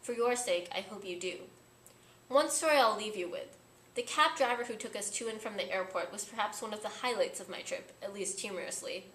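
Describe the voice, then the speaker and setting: A woman's voice: mid-range voice, brisk, fairly bright tone. A young woman vlogger narrating a reflective voice-over in a thoughtful, earnest manner. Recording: echoey room with faint noise.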